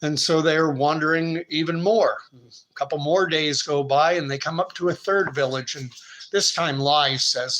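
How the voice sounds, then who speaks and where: A Canadian man in his fifties, hosting and retelling a parable in a relaxed, conversational way. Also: fairly high pitch, measured pace, poor audio. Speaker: host. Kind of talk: storytelling commentary.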